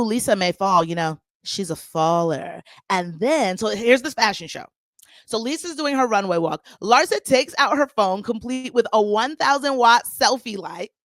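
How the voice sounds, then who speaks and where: A woman's voice: medium pitch, no room sound, clean studio sound. A young woman recapping reality TV drama in a sassy, dramatic gossip style, acting out what people said. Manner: sassy, dramatic, acts out quotes in voices.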